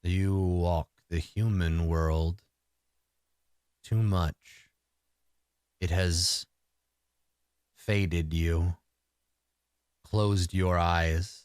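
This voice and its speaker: A man voicing a huge antlered male forest spirit with a deep, resonant voice and slow, grave speech in a solo tabletop game. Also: fairly even intonation, a little mellow, clear, resonant tone, no echo, studio quality. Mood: solemn.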